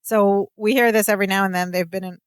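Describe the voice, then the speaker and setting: A woman's voice: medium pitch, fairly even intonation, smooth, dry recording, clean studio sound. A woman co-hosting a podcast, chatting casually about a sitcom episode and quoting the characters. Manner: chatty, quick reactions, quotes characters. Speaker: podcast co-host.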